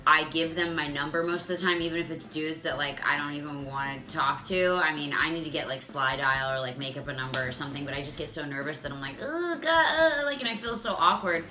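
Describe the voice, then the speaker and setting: A woman's voice: low-pitched, fairly even intonation, quick pace, hardly any pauses, bright, forceful tone. A woman in her thirties telling a dating story to her viewers in a chatty, profane way, full of "like.". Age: 30s. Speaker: vlogger. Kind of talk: casual storytelling to camera.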